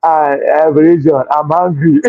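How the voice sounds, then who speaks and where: A man with a Nigerian accent giving excitable political commentary, laughing and exclaiming often and slipping into pidgin. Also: sits high, no room sound, muffled recording. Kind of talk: animated political chat.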